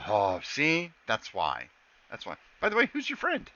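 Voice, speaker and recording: A man running a tabletop game as game master, narrating and chatting with players in an animated way. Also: mid-range voice, unhurried, lo-fi sound. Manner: animated, jumps between narration and character voices.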